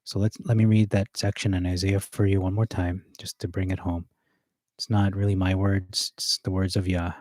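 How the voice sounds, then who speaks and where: A man with a deep, low voice rehearses a sermon, reading verses aloud between hesitant fillers and self-corrections. The sound is dry and close, with no room echo. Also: little pitch movement, normal speed, a little mellow. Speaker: preacher.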